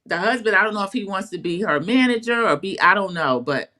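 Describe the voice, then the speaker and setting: A woman's voice: medium pitch, lively intonation, brisk, sharp tone. A woman co-hosting an online talk show, recapping a reality series in a chatty, opinionated way. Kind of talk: casual recap chat.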